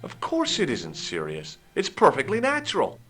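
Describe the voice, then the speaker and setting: An actor playing a wry young adventurer posing as a doctor, asking questions and narrating in a dry tone. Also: male voice, mid-range voice, wildly swooping pitch, moderate pace, a bit bright, soft background music. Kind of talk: video game voice acting.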